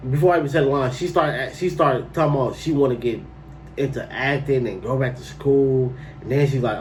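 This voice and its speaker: A man's voice: medium pitch, fairly quick, distant mic, slight background noise, rough recording. Slangy man telling a storytime. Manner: animated, slangy, incredulous outbursts. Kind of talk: casual storytime monologue.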